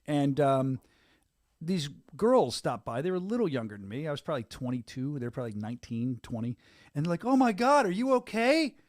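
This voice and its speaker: A man's voice: mid-range voice, lively intonation, brisk, mellow, no room sound, clean studio sound. A middle-aged man hosting a casual podcast, joking and laughing often. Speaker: podcast host.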